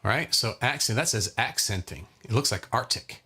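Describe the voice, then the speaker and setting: Relaxed chatty man teaching guitar. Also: fairly low pitch, normal speed, breathy edge. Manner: relaxed, chatty, counts beats aloud while strumming. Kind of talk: live online guitar lesson. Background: acoustic guitar strumming.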